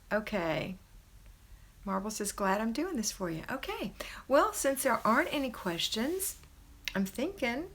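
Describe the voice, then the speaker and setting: A middle-aged woman hosting a homemaking live stream from a house, reading viewer comments and cheering them on. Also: mid-range voice. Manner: warm, encouraging, cheerleading. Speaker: host of a homemaking livestream. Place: her parents' house, indoors.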